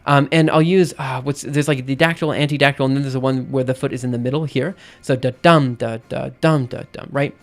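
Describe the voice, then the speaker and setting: A man explaining things casually on a livestream, thinking aloud with frequent pauses and restarts. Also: mid-range voice, little pitch movement. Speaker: streamer.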